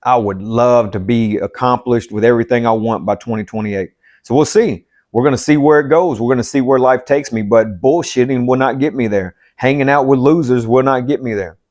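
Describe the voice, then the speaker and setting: A plain-spoken man at a middle pitch talks like a life coach, swearing freely and pressing the same points again and again. His delivery is blunt and emphatic, the rhythm of a motivational pep talk. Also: a little fast, darkish tone. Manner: blunt and profane, hammering points by repetition. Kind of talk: motivational self-help talk.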